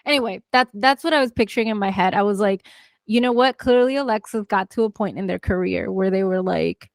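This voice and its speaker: A young woman co-hosting a book club chat, telling her take with lively laughter and rambling asides. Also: medium pitch, fairly quick, dry recording. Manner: expressive, laughing, rambling storyteller. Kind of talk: casual chat.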